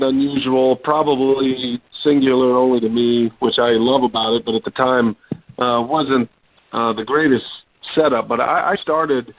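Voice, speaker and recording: A man in his forties from Texas, a sports broadcaster telling his story in a relaxed interview with lots of ums and restarts. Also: mid-range voice, dry recording. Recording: dry, tinny phone-line sound.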